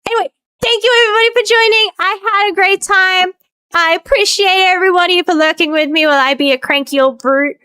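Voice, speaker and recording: A high-pitched woman streamer talks casually at the end of a stream. She rambles and vents with frequent swearing, and thanks her viewers. The sound is dry, with no room echo. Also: fast talker, pushed and bright. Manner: rambling, venting, swears freely.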